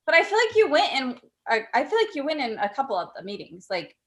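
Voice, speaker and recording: A woman's voice: high-pitched, wildly swooping pitch, fast, a bit bright. A woman on a reunion video call, chatting loosely about old memories and often searching for her words. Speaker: cast member guest. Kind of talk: casual reunion chat.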